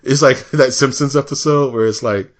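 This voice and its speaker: A man co-hosting a podcast in casual chat, animated and laughing often, slipping into mock voices when he tells a story. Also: mid-range voice, normal speed. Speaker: podcast co-host.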